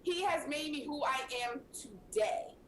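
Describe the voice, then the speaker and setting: A woman hosting a casual radio talk show, talking in an emphatic, animated way. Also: sits high, measured pace, roomy sound, a little hiss or hum, poor audio.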